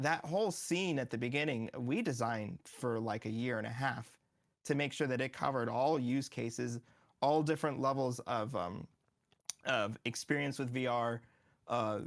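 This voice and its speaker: Gravelly man eagerly explaining game design. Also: medium pitch. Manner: eager explaining, acts out what players say. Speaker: game developer guest. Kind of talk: casual studio interview. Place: studio.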